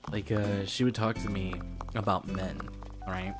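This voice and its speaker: A man's voice: on the low side, little pitch movement, a little slow. A young man telling a story from his old job while streaming a game, rambling, swearing a lot and repeating himself. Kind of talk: casual storytelling while gaming. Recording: loud background music.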